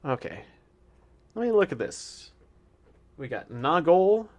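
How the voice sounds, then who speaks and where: Man doing let's-play commentary, slightly high voice, casual and chatty, talks to in-game animals. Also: very animated, takes it slowly, darkish tone. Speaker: gameplay commentator.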